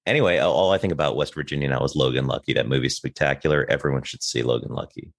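A man's voice: extremely low pitch, rapid-fire, gravelly. A man chatting casually on a podcast, giving confident, wry opinions. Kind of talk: casual chat.

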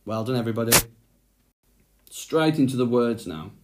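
A man's voice: mid-range voice, expressive, moderate pace, darkish tone. A man teaching a phonics lesson to young children, speaking patiently and sounding out letters one by one.

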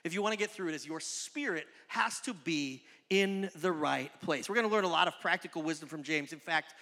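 A young male youth pastor preaching in a loose, joking way, telling lively stories. His voice sits high and sounds bright and bold. The sound rings out with a long hall echo. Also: a little fast. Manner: chatty, joking, animated storytelling. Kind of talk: casual sermon. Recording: echoey hall reverb.

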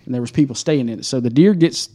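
A man, co-hosting a casual podcast and telling an animated hunting story, swearing and laughing as he goes. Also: mid-range voice, fast. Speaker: podcast co-host.

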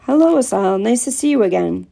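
This is a polite young boy in a storybook, earnest and eager to please, with a nervous edge. A woman reads him aloud, lifting her low, gravelly voice higher, though it stays dark and mellow in tone. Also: lively intonation, a little fast. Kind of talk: audiobook character voice.

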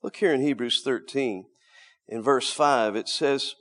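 A middle-aged man preaches a sermon a little slowly, swinging between loud, emphatic lines and hushed, low asides. He often repeats words as he restarts.

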